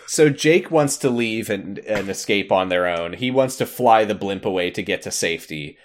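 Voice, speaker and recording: A man's voice: lowish voice, lively intonation, normal speed. A man co-hosting a podcast, retelling an episode in casual chat with dry, sarcastic asides. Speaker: podcast co-host.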